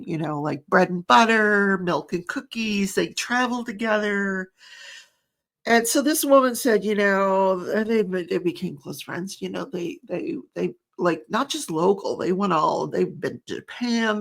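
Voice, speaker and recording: A woman's voice: mid-range voice, vocal fry, a bit bright. A middle-aged woman recapping a trial in a chatty, rambling way, often laughing. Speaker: true crime commentator.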